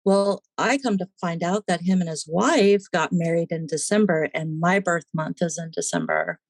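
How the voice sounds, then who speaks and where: A woman's voice: on the low side, moderate pace, no echo. A woman, a podcast guest, telling her personal story in a casual interview and animatedly acting out the voices in it.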